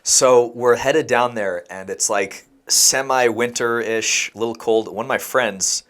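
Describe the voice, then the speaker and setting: A man's voice: mid-range voice, unhurried, fairly bright tone. A man co-hosting a podcast, telling a rambling story in casual chat and laughing as he goes. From Montreal. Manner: rambling anecdotal, laughs mid-sentence. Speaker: podcast co-host.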